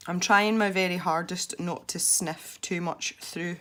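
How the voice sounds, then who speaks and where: Stuffy-nosed young woman, lower voice, chatty and self-deprecating, narrating her colouring. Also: steady tone, measured pace, bright, forceful tone. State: congested from a head cold. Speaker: colouring video host. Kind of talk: relaxed colouring commentary.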